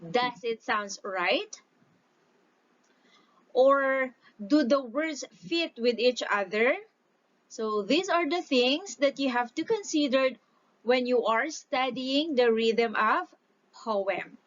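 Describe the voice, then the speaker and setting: A woman teacher giving a recorded lesson, explaining slowly and deliberately, stretching out syllables when she reads example lines aloud. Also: high voice, expressive. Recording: dull lo-fi recording.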